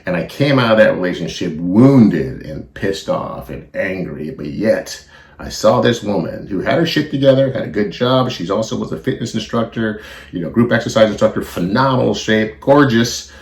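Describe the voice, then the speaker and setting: A man's voice: on the low side, expressive, normal speed. Blunt, swearing man in an echoey room. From California. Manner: blunt, heavy swearing, raw and emotional. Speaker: podcast host. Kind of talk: confessional podcast monologue.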